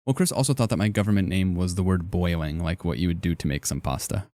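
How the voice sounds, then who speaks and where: A man's voice: deep voice, fast, dark tone, no room sound, studio quality. A young man streaming live, chatting casually and joking as he reacts to his chat in a rambling way.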